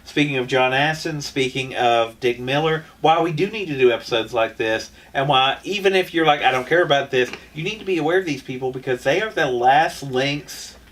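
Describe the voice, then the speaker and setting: A man's voice: mid-range voice, a little fast, few pauses, a bit bright, recorded from a distance. A man co-hosting a podcast in casual chat, rambling with frequent restarts. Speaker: podcast co-host.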